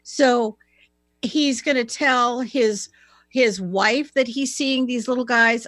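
A woman with a voice pitched a little high speaks in an earnest, explanatory way. She talks in a casual back-and-forth style. The recording is dry and close to the mic. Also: takes it slowly, a bit bright, dry recording. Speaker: co-host. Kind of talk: casual discussion.

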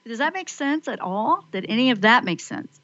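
Excitable woman hosting a spiritual call-in show. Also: on the high side, normal speed, no room sound, muffled recording. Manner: excitable, rambling, acts out her own inner voice. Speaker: radio call-in show host. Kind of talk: spiritual call-in radio chat.

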